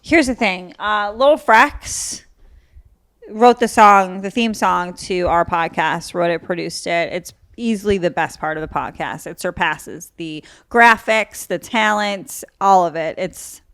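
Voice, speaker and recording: A woman's voice: fairly low pitch, a little slow, a bit bright. Foul-mouthed joking woman hosting a podcast. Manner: profane, joking, bursts into mock outrage. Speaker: podcast host. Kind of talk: casual comedic solo podcast monologue.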